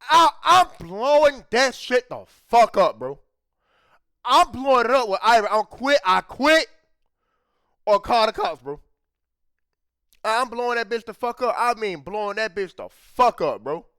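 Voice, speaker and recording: High-voiced man ranting, saying bro constantly. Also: expressive, a little slow, long pauses, a bit bright, no echo, clean studio sound. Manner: heated, profane, says "bro" after nearly every phrase; repeats phrases and restarts when worked up. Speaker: reaction video host. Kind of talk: casual reaction commentary.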